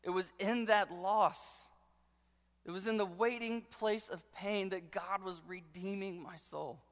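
A man preaching a sermon with passion, dropping to a hush and then rising to loud declarations. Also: high voice, steady tone, a little slow. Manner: impassioned preaching, swinging between hushed and loud. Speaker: pastor. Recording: long hall reverb.

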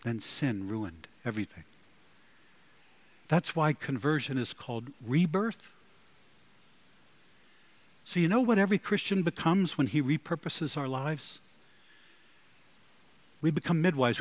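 Animated man preaching a lively sermon. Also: on the high side, a little slow, long pauses. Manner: animated, emphatic preaching with sudden loud bursts. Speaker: pastor.

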